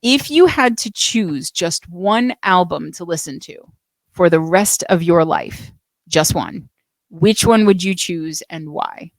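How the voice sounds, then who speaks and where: A woman hosting an interview show, chatty and expressive, laughing often. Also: on the low side, slow pace, dry recording. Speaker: host. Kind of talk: casual interview chat.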